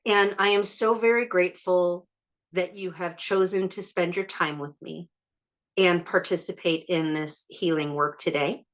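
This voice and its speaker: A woman leading a group healing session. She speaks in slow, prayerful invocations and counts through numbers aloud. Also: on the low side, steady tone. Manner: soft, prayerful, slow invocations with warm laughter. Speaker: spiritual healing session leader.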